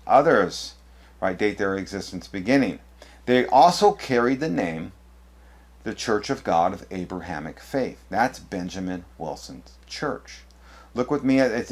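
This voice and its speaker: Guy w a lowish voice going thru old books on camera, emphatic, lots of uh's and restarts. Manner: emphatic, with frequent fillers and restarts. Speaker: apologetics video presenter. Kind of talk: lecture showing books to camera.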